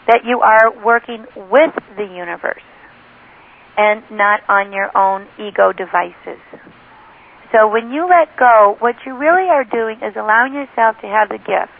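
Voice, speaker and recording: A woman author and spiritual teacher giving an interview, telling stories with enthusiasm and often quoting other people. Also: on the high side. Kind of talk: phone interview, teaching talk. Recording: tinny phone line.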